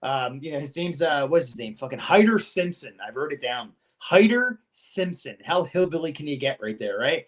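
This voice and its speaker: A man with a slightly high voice retells a story in loose, casual chat. He swears constantly and keeps an animated, storytelling drive as he goes. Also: moderate pace, few pauses. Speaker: podcast host.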